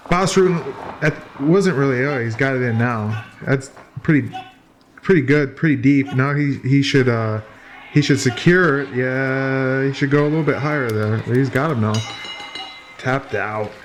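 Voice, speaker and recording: A man talks through old fight footage in a loose, joking way, stumbling and restarting his sentences as he goes. His voice sits at an ordinary middle pitch. A faint hiss of noise runs under the recording. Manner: chatty, joking, many fillers and restarts. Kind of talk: casual play-by-play commentary.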